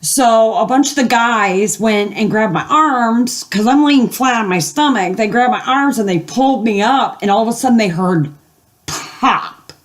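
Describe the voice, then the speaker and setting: A woman's voice: a little high, unhurried. An older woman telling a long story casually at home, rambling with fillers and acting out the voices of the people she quotes. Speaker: gaming video host.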